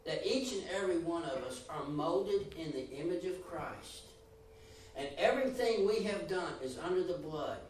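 A man preaches a sermon in a high-pitched voice, swinging his emphasis up and down and acting out the voices he quotes. He sounds set back from the mic in a strongly echoing room with faint noise behind. The recording is roomy and distant. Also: expressive, normal speed, a little mellow.

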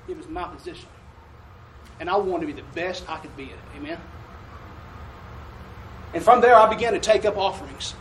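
An expressive, high-pitched man preaches fairly quickly but pauses often, trading call-and-response in a folksy sermon. He's picked up by a faraway mic in an echoey sanctuary, with a touch of hiss or hum.

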